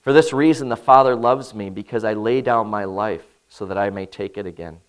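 A pastor reading scripture, praying and preaching a sermon in an earnest manner, often dropping to a soft voice at the ends of phrases. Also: male voice, fairly low pitch, fairly quick, clean tone. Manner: earnest preaching, swells and drops in loudness.

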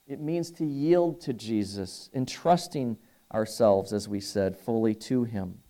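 A man's voice: lowish voice, unhurried, warm tone. A man preaching a sermon as pastor, earnest, building emphasis on key phrases.

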